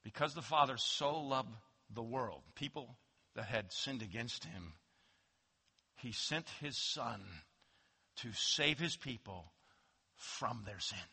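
A man preaching a sermon as pastor, swinging from loud emphatic declarations to hushed low asides. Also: a little slow, breathy edge. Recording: long hall reverb.

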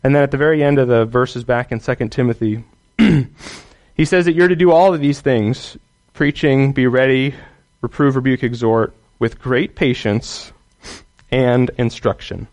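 A man's voice: medium pitch, fairly even intonation, a little slow, darkish tone. A man teaching others how to preach and teach the Bible, earnest and emphatic, often checking in with the listener.

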